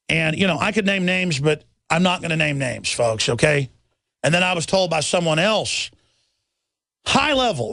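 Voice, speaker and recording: Man, middle-aged, talk radio host, gravelly, heated rant, repeats words, dry close mic. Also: a little high, a bit bright, dry recording. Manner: heated, rambling, repeats words when agitated. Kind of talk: talk radio monologue reading headlines.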